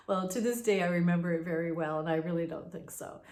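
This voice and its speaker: A woman's voice: lowish voice, a little mellow. A woman casually telling a personal ghost story in a chatty, conversational way. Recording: roomy echo.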